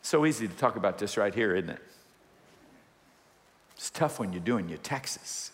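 A man preaching a sermon, animated, acting out quoted voices and calling for responses from the congregation. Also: on the low side, moderate pace. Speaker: pastor. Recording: long hall reverb.

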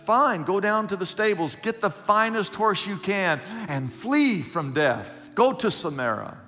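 A man's voice: high voice, expressive, a little slow, pushed and bright, voice pushed up, exaggerated voice. A man voicing a male master who gives orders and questions Death directly. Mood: commanding. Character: commanding male master of a servant. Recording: echoey hall with faint music.

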